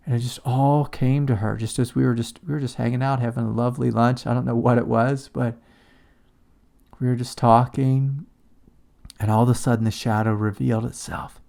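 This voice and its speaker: A man giving a calm, reflective spiritual talk as a teacher. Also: mid-range voice, moderate pace, vocal fry. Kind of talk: satsang talk on shadow work.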